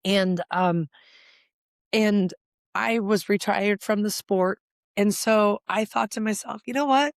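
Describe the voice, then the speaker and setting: Middle-aged woman, podcast guest, animated storyteller acting out old dialogue, dry close sound. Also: mid-range voice, slow pace, gravelly, no room sound. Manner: animated, acts out past dialogue, gets emotional. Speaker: guest, life coach. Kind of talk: candid conversational storytelling.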